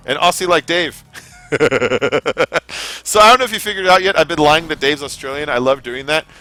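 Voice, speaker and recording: Young American male streamer, casual rambling commentary, bright tense tone, light music under. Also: a little high, fairly quick. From United States. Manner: chatty, rambling, laughs at own jokes. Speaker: streamer hosting game lobbies. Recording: faint background music.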